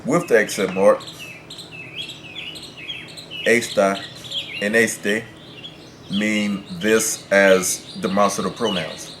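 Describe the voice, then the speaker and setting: Slow, deep-voiced man teaching. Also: steady tone, fairly bright tone, a little hiss or hum. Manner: measured, stops and restarts to pick words. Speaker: Spanish teacher. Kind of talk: explaining grammar to camera.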